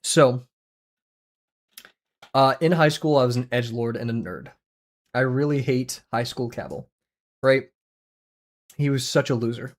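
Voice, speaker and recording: A young man livestreams while drawing, chatting loosely with viewers in a rambling, self-deprecating way. His medium-pitched voice moves a little slowly and pauses often.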